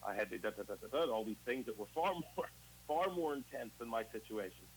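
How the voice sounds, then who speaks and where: A man's voice: medium pitch, expressive, fairly quick, poor audio. Man, interview guest, mid-range voice, casual storytelling, acts out dialogue, faint background noise. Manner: candid and conversational, acting out past exchanges in quoted dialogue. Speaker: interview guest sharing his recovery story.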